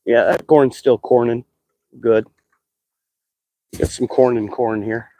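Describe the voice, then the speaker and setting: A man casually chatting on a live stream while fishing, excitable and talkative, whooping when thrilled. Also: mid-range voice, slow pace, dry recording.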